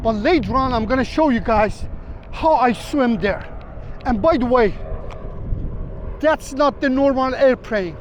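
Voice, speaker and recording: High-voiced man, mock-dramatic beach vlog. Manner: mock-dramatic, deadpan sarcastic. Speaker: travel vlogger. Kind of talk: sarcastic parody vlog, walking on camera. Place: outdoors on a beach. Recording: faint wind and traffic noise outdoors.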